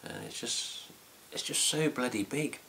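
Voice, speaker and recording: A man's voice: medium pitch, huge pitch swings, unhurried, creaky, fairly bright tone. A man with an English accent chatting casually to camera about a trip, rambling with fillers and mild swearing. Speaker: fan site vlogger. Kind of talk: casual chat.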